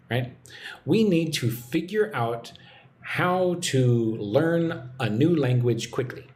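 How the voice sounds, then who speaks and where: A man giving a live-streamed English lesson, relaxed and chatty as he reads out viewer comments. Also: medium pitch, slight background noise. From United States. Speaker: English teacher.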